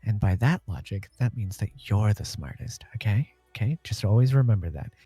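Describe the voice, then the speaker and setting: Smug bragging tavern guy, pitched down a bit, a man putting it on, dry mic. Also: expressive, normal speed, dark tone, husky, no room sound.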